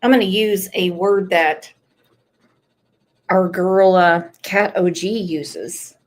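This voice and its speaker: A woman hosting a true-crime livestream, chatting casually and joking with her viewers. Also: lowish voice. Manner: playful, joking, drawn-out. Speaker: true-crime channel host.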